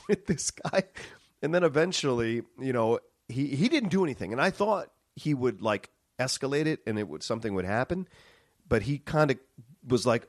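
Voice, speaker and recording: A man's voice: mid-range voice, dry recording. A man on a podcast tells a story with lots of energy and a good deal of swearing. His voice sits mid-range and sounds close and dry, with no room around it. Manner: animated storyteller, swears freely, acts out quotes loudly. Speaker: podcast host.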